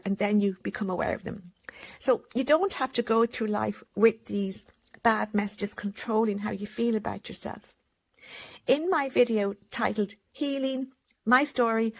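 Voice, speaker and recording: A woman speaks gently to her viewers at home, slowing down on purpose and leaving pauses between her points. Her voice sits a little higher than most women's. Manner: deliberately slow, pausing between comments. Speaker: self-help channel host. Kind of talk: gentle talk to camera on childhood healing.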